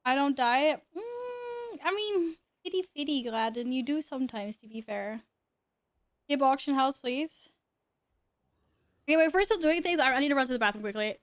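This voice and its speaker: High-voiced playful woman streamer. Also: expressive, moderate pace, dry recording. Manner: playful and teasing, laughs often; chatty, greets viewers and jokes with them. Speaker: live streamer. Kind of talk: casual live-stream chat while gaming.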